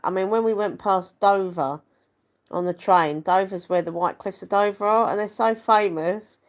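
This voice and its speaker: A woman's voice: mid-range voice, normal speed. A young woman, chatting casually to camera in a rambling, self-deprecating way. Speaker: vlogger.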